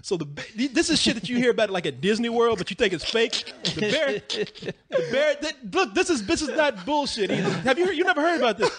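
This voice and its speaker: A man's voice: very high-pitched, sing-song, brisk, a bit bright. A man with a Texan accent telling a funny story in a casual podcast chat, laughing often. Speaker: podcast co-host.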